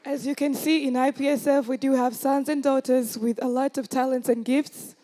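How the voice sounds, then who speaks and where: A woman co-hosting a ceremony, giving brisk, upbeat announcements to the audience. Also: sits high, little pitch movement, warm tone, some chatter behind. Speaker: co-master of ceremonies. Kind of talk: event announcements.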